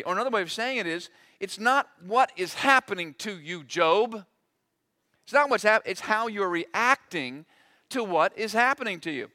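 High, bright-voiced preaching man. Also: normal speed. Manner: animated preaching, acting out quoted voices. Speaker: pastor. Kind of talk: sermon.

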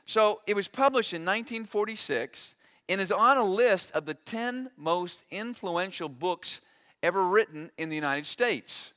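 High, bright-voiced preaching man. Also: a little slow. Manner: animated preaching, acting out quoted voices. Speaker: pastor. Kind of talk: sermon.

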